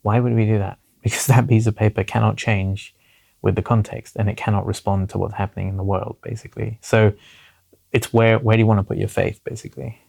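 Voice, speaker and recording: A man in his forties speaks as an interview guest, his voice pitched low and roughened by steady fry. He talks earnestly and thinks aloud, leaning on small fillers as he works through his points. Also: brisk. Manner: earnest, repeats "basically" and "you know". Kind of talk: reflective conversational interview.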